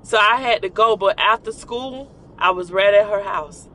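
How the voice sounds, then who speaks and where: A woman's voice: medium pitch, normal speed, fairly bright tone, slight background noise. A middle-aged woman telling personal stories in a casual, conversational way, often repeating key lines for emphasis. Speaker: speaker sharing personal stories.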